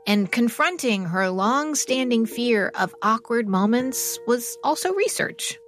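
A woman hosting an interview, asking thoughtful, measured questions. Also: on the high side, animated, faint music behind. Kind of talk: radio interview.

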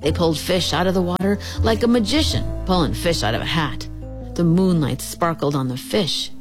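A woman reading a children's detective story aloud, lively and playful, lightly voicing the characters. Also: lowish voice, normal speed. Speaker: narrator of a children's mystery story. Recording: music playing under the reading.

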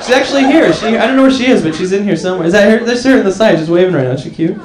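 A young man doing an animated stand-up comedy set on a club stage, acting out characters in funny voices. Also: high-pitched, racing, background noise. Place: comedy club stage before a live audience. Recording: roomy live club with audience.

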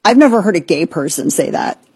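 Sarcastic husky talk-radio host woman. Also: fairly low pitch, lively intonation, brisk, mellow, no echo. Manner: sarcastic, incredulous, mocking. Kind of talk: opinionated talk radio commentary.

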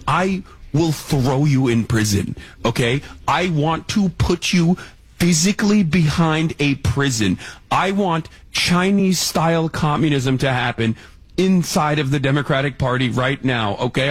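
A man's voice: a little high, unhurried, slightly rough. A man ranting in a casual, provocative and flippant way as an online streamer. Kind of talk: casual rant.

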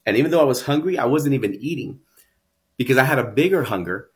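A man's voice: mid-range voice, animated, fast talker. A man, a guest in an interview, telling his own story earnestly and reflectively, often repeating words as he builds up. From San Antonio, Texas.

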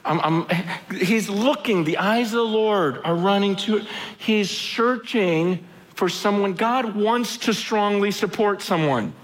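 A man preaching an impassioned sermon, moving from loud outcries to low, intimate asides. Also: slow.

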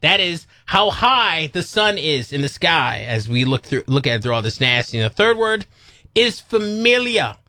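A playful male co-host trading teasing jabs with his partner on the radio. His voice is bright and set a little high, heard close in a dry studio. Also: sing-song, moderate pace, no room sound. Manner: playful, teasing, drops casual Spanish. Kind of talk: casual radio banter.

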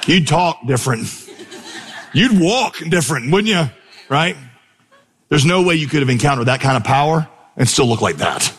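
A man preaching a sermon from a church stage, conversational and animated as he tells stories. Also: a little high, moderate pace, pauses often, slight background noise. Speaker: pastor. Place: church stage before a congregation. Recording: live sermon in a reverberant hall.

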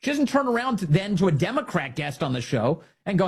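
A man's voice: high voice, big pitch swings, fairly quick, darkish tone, breathy edge. A man hosting a political commentary show, talking in a sarcastic, mocking and indignant way.

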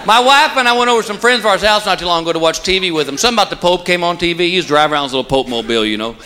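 A man's voice: high voice, lively intonation, rapid-fire, sharp tone. A man doing folksy stand-up comedy before a live audience, telling stories that build to a repeated punchline. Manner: folksy storytelling with punchline refrains. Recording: live stage audio with crowd noise.

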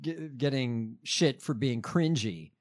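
A man's voice: mid-range voice, animated, slow. A man in casual conversation, talking animatedly, with rambling asides and frequent swearing. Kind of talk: casual chat.

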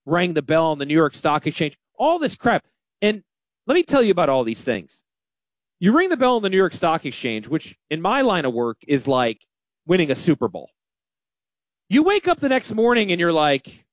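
A man hosting a financial radio show, talking in a folksy, self-deprecating, animated way. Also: a little high, dry recording, clean studio sound. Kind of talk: casual radio talk.

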